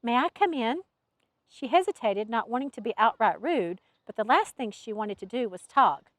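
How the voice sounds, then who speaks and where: A woman author narrates her novel with expressive, storytelling delivery. Her voice is fairly high and swings widely in pitch. The recording is close and dry. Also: moderate pace, no echo. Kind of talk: audiobook narration.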